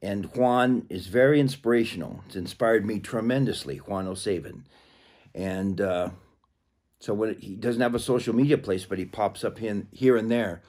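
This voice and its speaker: Husky low-voiced man rambling to camera. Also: moderate pace, a little mellow. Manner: rambling, clears throat often. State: frog in his throat. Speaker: vlogger. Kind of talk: casual talk to camera.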